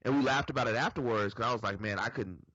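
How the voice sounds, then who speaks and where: A man's voice: mid-range voice, fast talker, slightly rough, no room sound. A man co-hosting a casual talk show, telling a story at an easy pace. His voice is dry, with no room sound, and slightly muffled. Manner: relaxed storytelling. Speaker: podcast co-host. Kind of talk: casual chat.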